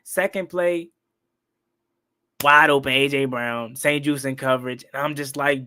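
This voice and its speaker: A young man hosting a live-stream football recap, excitable and repetitive, ranting and questioning the calls. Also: mid-range voice, a little slow, pauses often, clear, resonant tone. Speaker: sports talk host.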